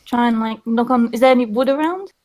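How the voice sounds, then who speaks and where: A woman playing a tabletop game, talking in character in an apologetic, halting way. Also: fairly high pitch, darkish tone. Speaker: player. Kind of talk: in-character tabletop role-play.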